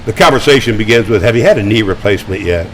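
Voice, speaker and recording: Chatty older man telling lively stories. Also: on the low side, fast talker, a little hiss or hum, poor audio. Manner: animated, chatty anecdotes with stammered restarts. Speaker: guest. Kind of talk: casual storytelling. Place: studio.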